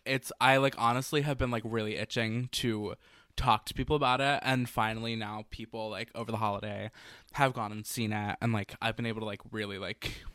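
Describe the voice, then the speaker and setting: A man's voice: lowish voice, steady tone, a little fast, a bit bright, dry recording, studio quality. A young man co-hosting a casual podcast, enthusiastic and rambling, with lots of "like". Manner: enthusiastic, rambling, heavy use of "like". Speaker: podcast co-host. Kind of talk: casual chat.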